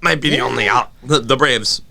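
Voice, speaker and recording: A man hosting a casual sports talk show, ranting in exasperation and laughing in disbelief, his voice going hoarse. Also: mid-range voice, a little fast, sharp tone, slight background noise. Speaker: podcast host.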